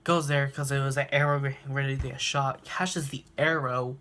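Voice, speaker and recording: A man's voice: mid-range voice, flat delivery, moderate pace, sharp tone. Young man laughing through a recap. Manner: laughs often, acts out quotes. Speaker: reaction video host. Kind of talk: casual episode recap. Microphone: handheld phone.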